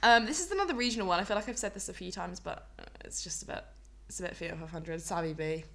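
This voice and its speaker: A young woman, chatting casually and quizzing a friend on slang, often breaking into high laughter. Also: quick pace, gravelly, fairly bright tone. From Scotland. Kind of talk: casual chat.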